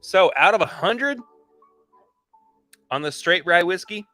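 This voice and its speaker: A man hosting a laid-back whiskey tasting stream, talking with a bright, forceful edge. His pitch sits in an ordinary middle range. He is chatty and eager, and he rambles and restarts his sentences, with soft music faintly underneath. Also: animated, takes it slowly. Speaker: podcast host. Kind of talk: casual livestream whiskey tasting.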